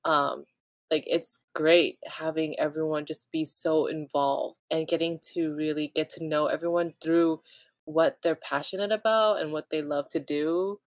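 Woman podcast host, lower voice, bubbly and giggly, dry close recording. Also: fairly even intonation, unhurried, no echo. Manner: bubbly, laughs often, lots of fillers. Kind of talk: casual chat.

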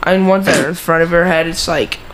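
A man's voice: fairly high pitch, steady tone, fast talker, fairly bright tone, a little hiss or hum, rough recording. A young man co-hosting a casual podcast, rambling and playful with lots of fillers. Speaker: podcast co-host. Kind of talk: casual chat.

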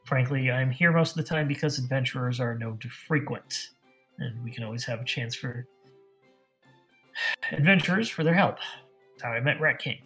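Man voicing a courteous noble agent, formal, hesitant, mid-pitched. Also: moderate pace, long pauses, a bit bright, faint music behind, lightly acted. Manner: formal, hesitant, filler-laden. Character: smooth male noble field agent recruiter.

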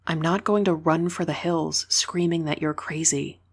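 A woman's voice: sits low, fairly even intonation, normal speed, breathy edge. A woman reading a young woman's earnest, tender friend voice. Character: young woman, heroine's loyal best friend.

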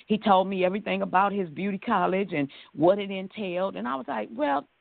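A woman from Los Angeles speaks, telling her story as a guest and acting out the dialogue with lively energy. Her voice has a gravelly rasp. The audio is dry and narrow, like a phone line. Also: medium pitch, brisk, dry recording. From Los Angeles, California. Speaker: guest, hairstylist and author. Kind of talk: storytelling interview.

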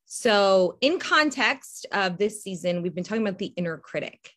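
A woman's voice: medium pitch, expressive, moderate pace, a bit bright. A woman hosting a faith-based podcast in a casual, rambling way, full of restarts and small laughs. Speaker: podcast host and faith coach. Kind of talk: casual solo podcast talk.

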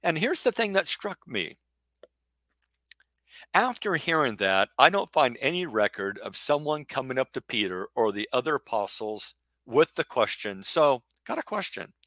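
Man, middle-aged, preacher; forceful bright tone, close dry sound, rhetorical sermon delivery. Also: mid-range voice, sing-song, moderate pace, dry recording. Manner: emphatic, rhetorical, acts out imagined questions. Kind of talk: sermon-style Bible teaching.

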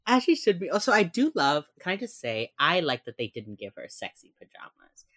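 A woman's voice: lowish voice, big pitch swings, fairly quick, a bit bright, no room sound. A woman co-hosting a casual chat, retelling scenes with lots of energy, acting out lines and laughing often. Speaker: podcast co-host recapping a TV episode.

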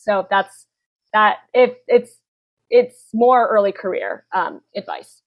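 A woman's voice: medium pitch, takes it slowly, muffled recording. A young woman from Texas, chatting casually as a podcast guest, giggly and self-deprecating. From San Antonio, Texas.

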